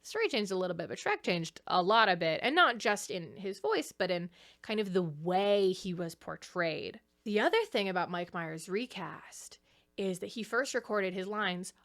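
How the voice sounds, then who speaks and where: A young woman talks through a casual commentary video essay in a chatty, animated way. She laughs often between points. Her voice sits at an ordinary middle pitch. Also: normal speed.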